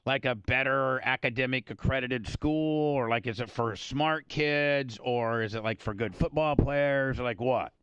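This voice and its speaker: A man's voice: mid-range voice, measured pace, hardly any pauses, fairly bright tone, smooth, no room sound, highs cut off. A man hosting a radio after-show, chatting casually, swearing freely and cutting in with questions. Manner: profane, interrupts often with "hold on".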